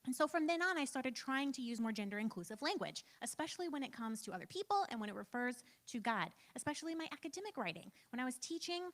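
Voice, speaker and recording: A fairly high, lively woman's voice in her thirties, talking casually through a church training. Her pitch leaps around as she jokes at her own expense and fills gaps with "like" and "um". She sounds like a pastor teaching a room, conversational rather than preachy. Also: quick pace, hardly any pauses. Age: 30s. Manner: chatty, self-deprecating, frequent "like" and "um".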